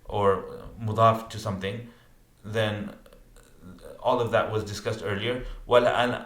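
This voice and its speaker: Male teacher, lower voice, explaining a grammar text line by line, roomy echo. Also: fairly even intonation, moderate pace, a bit bright. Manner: reads Arabic text then translates and explains with asides.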